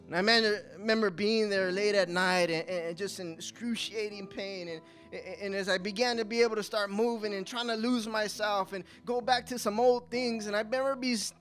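Young guy w a really high voice telling his story live, gets loud then drops quiet, bit of guitar in the back. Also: fairly even intonation, moderate pace, hardly any pauses. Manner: emotional storytelling, voice rising in tense moments and dropping low in sad ones. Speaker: speaker giving a testimony. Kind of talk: live spoken testimony. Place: coffee house stage.

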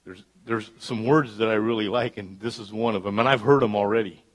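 A pastor preaching a live church sermon, dropping to hushed asides and climbing to loud, emphatic peaks. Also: male voice, lowish voice, fairly even intonation, fairly quick. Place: church service.

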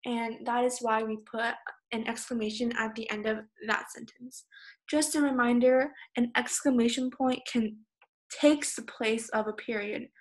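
A woman's voice: on the high side, steady tone, measured pace. A teenage girl from California who teaches a recorded online lesson, explaining plainly and patiently. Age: teens. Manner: plain, patient explaining, raises voice on example shouts. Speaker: student teacher.

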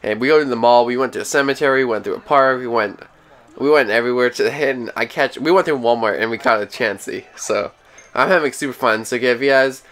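A man's voice: mid-range voice, fast, fairly bright tone. A man giving a casual, rambling voice-over for his vlog, often restarting his sentences. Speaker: vlogger.

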